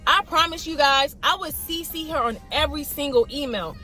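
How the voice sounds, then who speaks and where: High-voiced woman telling a lively story. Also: normal speed, faint music behind. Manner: animated storytelling, mimics others in quotes. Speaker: vlogger. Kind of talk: storytime vlog.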